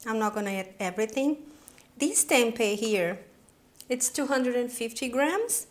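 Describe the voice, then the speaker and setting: A woman hosting her own cooking video, chatty and excitable, demonstrating a recipe with frequent exclamations. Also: fairly high pitch, unhurried. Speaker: cooking channel host.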